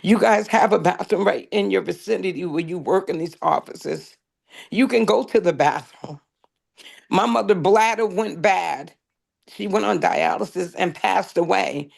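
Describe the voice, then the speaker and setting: Impassioned, gravelly testimony from a transit worker. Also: mid-range voice, a little slow. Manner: impassioned, pleading. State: emotional, near tears. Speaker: transit union member testifying. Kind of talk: public hearing testimony.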